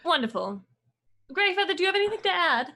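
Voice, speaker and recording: A woman's voice: extremely high pitch, sing-song, fast talker, sharp tone. A woman playing a tabletop game, upbeat and polite. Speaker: player.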